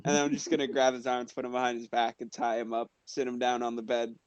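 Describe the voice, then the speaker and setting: A man's voice: mid-range voice, little pitch movement, quick pace, clear, resonant tone, dry recording. Dry-sounding man playing a tabletop game. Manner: laughing often, filler-heavy. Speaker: player. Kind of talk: tabletop game play, casual chat.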